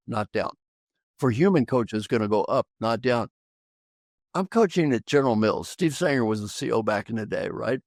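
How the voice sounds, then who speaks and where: An older man, an executive coach appearing on a podcast, tells stories in an animated, conversational way, speaking emphatically and repeating phrases for effect. His medium-pitched, darkish voice is recorded in studio quality with no echo.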